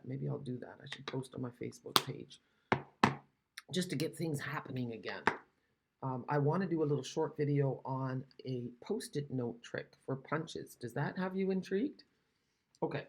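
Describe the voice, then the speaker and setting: Her voice sits low and is a little mellow and slightly rough. This Canadian craft demonstrator chats and rambles while showing how to make cards, self-deprecating as she gets over an illness.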